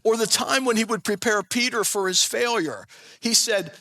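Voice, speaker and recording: Man preaching, very high voice, bright tone, storytelling style, long church reverb. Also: normal speed. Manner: vivid storytelling, addresses the congregation directly. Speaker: pastor. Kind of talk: sermon. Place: church sanctuary.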